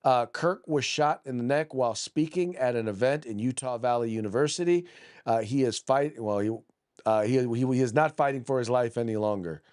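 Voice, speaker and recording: A man's voice: mid-range voice, a little fast, darkish tone, smooth. A man hosting a political podcast, combative and blunt, who reads news articles aloud, often restarts and repeats words. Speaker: podcast host.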